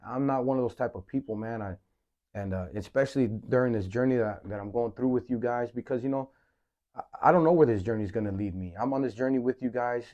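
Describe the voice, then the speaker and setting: A man hosting a podcast, speaking candidly in a halting personal monologue, often repeating words and saying "man". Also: medium pitch, mellow, muffled recording. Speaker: podcast host.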